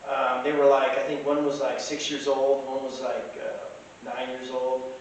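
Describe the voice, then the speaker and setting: A chatty man rambling through anecdotes at an ordinary pitch. His voice sounds echoey and set back from the mic, with a faint hiss underneath. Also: little pitch movement, moderate pace, distant mic. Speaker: storyteller. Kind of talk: casual anecdote telling.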